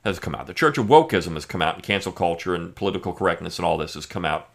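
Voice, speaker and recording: A man's voice: low-pitched, fast, vocal fry. A man hosting a podcast, giving an emphatic, sarcastic opinion monologue with frequent fillers. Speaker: podcast host.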